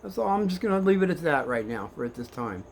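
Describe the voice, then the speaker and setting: An older man telling kids a story in a rambling, animated way, swinging between hushed and excited. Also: a little high, quick pace, gravelly, background noise.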